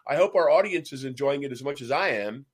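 A man's voice: medium pitch, animated, fast talker, husky. A man hosting a casual interview, chatty, jumping in with questions and asides. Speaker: host.

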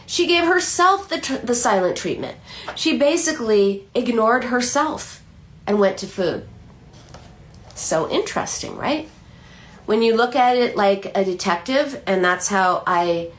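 A middle-aged woman, a psychoanalyst, explaining a case with lively storytelling and frequent restarts. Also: mid-range voice, a little hiss or hum. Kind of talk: explanatory talk.

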